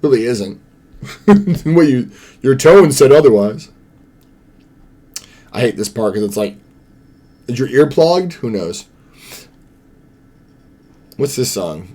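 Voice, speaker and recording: Chatty streamer man, lively voice. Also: medium pitch, slow pace, pauses often. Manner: rambling, chatty, sings along and laughs often. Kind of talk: casual live-stream chat.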